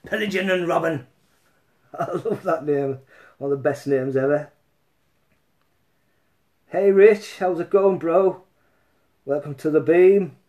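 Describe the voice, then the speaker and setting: A man rambling casually on a live stream between songs, swearing and laughing often. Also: fairly high pitch. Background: loud acoustic guitar.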